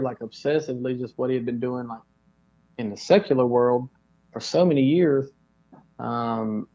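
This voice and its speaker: A man's voice: medium pitch, mellow. A man in his thirties from North Carolina, telling a personal story in an earnest, casual way with many fillers. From Pembroke, North Carolina. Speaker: interview guest. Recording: dull lo-fi audio.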